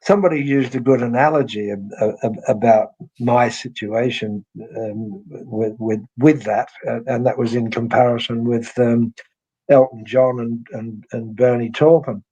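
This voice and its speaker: A man being interviewed as a guest musician, talking in an unhurried, reflective way and often repeating words as he starts a thought. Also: mid-range voice, fairly even intonation, dark tone, breathy edge, muffled recording. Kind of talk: casual interview conversation.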